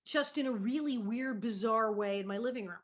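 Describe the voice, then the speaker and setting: A woman's voice: fairly high pitch, moderate pace. Brief: woman comedian, chatty and self-deprecating, lo-fi home video call sound. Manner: chatty, self-mocking, restarts often. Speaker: guest, actor and comedian. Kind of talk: casual video chat. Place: her living room at home.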